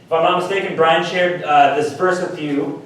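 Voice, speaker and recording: A man gives a chatty youth talk in a church meeting, slipping into playful voices to act out what people say. His voice sits a bit high and reaches the mic from a distance. A strong echo fills the room over faint background noise. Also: steady tone, moderate pace.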